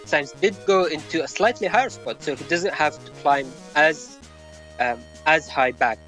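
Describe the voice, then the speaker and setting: A man's voice: mid-range voice, pushed and bright. A man hosting a game tournament stream and explaining his own match, laughing often as he talks. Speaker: tournament player and stream host. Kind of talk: casual esports commentary.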